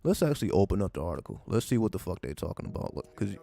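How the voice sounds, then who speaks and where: A man's voice: sits low, big pitch swings, racing, vocal fry, dark tone, dry recording. A man giving casual livestream commentary, profane and sarcastic, firing off repeated rhetorical questions. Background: faint background music.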